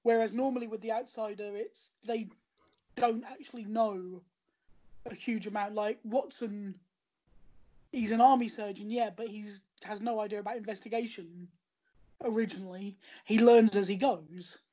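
A woman's voice: medium pitch, steady tone, normal speed, dark tone. A woman chatting in a rambling way about a show she recommends, often restarting her sentences. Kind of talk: casual podcast chat.

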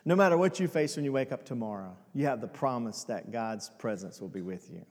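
A man preaching a sermon as pastor, swinging between hushed and loud passages. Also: medium pitch, expressive, a little fast, in a large hall.

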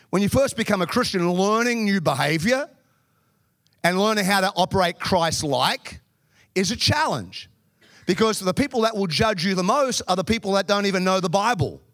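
A man's voice: sits high, a bit bright, no echo, studio quality. A man preaching a sermon to a congregation, telling humorous personal stories. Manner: humorous storytelling, addresses the congregation.

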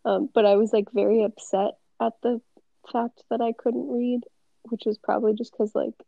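A young woman talks in a relaxed, rambling way, her fairly high voice full of gravelly fry. The recording sounds dry and a little dull, like a lo-fi podcast mic. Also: normal speed, dry recording. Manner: rambling, lots of "like" fillers. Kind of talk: casual chat.

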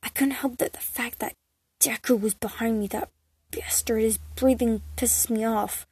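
A woman voicing a brash, hot-tempered teenage boy who speaks gruffly and rudely in a fan fiction read-aloud. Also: on the high side, steady tone, moderate pace, darkish tone, dry recording. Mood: irritated. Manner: gruff, rude and dismissive.

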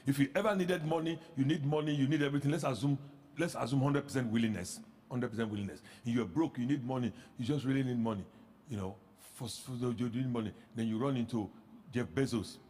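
A man pastor preaching a sermon, animated, with rhetorical questions that rise into shouts. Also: medium pitch, quick pace, long reverb tail.

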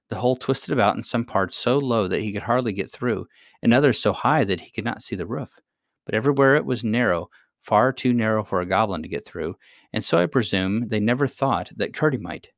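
A man calmly reading a children's story aloud as narrator. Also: on the low side, dry recording, clean studio sound.

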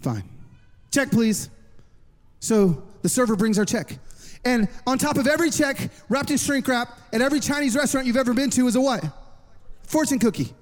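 Man, high voice, energetic sermon storytelling, long hall reverb. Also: fairly quick. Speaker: worship pastor.

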